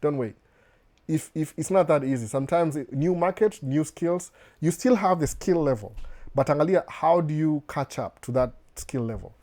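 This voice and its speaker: A man's voice: fairly high pitch, expressive, moderate pace, dark tone. A man from Kenya with a Kenyan accent and a slight American touch, hosting a live Q&A, reading viewer questions aloud and giving casual advice, often restarting his words. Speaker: host answering viewer questions. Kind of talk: live Q&A chat.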